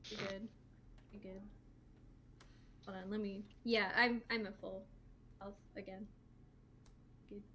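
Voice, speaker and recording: A woman playing a tabletop game who makes soft, giggly asides. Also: mid-range voice, little pitch movement, slow, pauses often, slight background noise. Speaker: player. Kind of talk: casual game chat.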